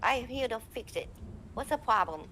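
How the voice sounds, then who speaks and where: A woman's voice: animated, normal speed, sharp tone, a little hiss or hum. Woman putting on an older Chinese-accented game lady. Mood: helpful. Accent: put-on Chinese. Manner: high, clipped broken English. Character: older female game character, helpful and brisk.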